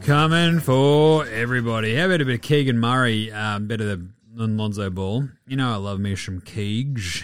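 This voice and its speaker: A man hosting a casual sports recap, excitable and sarcastic, swearing freely. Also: medium pitch, unhurried, clean tone, no echo, studio quality. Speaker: host.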